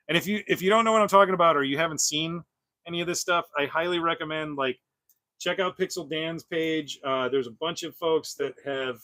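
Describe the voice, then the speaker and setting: Unboxing toys on a laid-back livestream, this host rambles, restarts his sentences, uses plenty of fillers and laughs a lot. He speaks with a fairly high, pushed, bright voice, and there's no echo.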